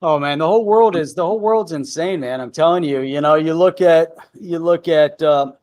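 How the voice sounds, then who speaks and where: A man's voice: a little high, moderate pace, a little mellow. A man hosting a live show in a loose, chatty way, often dropping "man" and "you know". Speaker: livestream show host. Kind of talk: casual chat.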